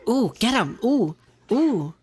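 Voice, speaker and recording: A woman's voice: a little high, big pitch swings, takes it slowly, darkish tone, slightly rough, soft background music. A young Scottish woman streaming, chatting casually and swearing loosely as she reacts to videos. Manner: loose, sweary, giggly, rambling.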